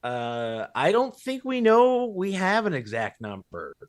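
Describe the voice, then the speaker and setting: A man's voice: sits high, huge pitch swings, a little slow. A man from Canada in casual podcast banter, answering in short, laid-back replies that trail off.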